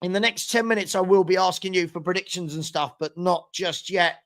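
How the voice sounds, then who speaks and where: A man's voice: sits high, fairly quick, fairly bright tone. A young man chatting casually as host of a live football watchalong, reading out and answering viewer comments. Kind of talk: casual live-stream chat.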